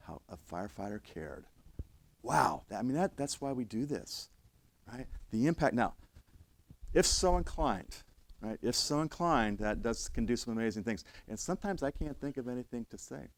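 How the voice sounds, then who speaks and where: A man's voice: on the low side, a little mellow, no room sound. A man teaching firefighters, telling stories from calls in a conversational lecture style and often checking in with "right?". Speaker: firefighter instructor.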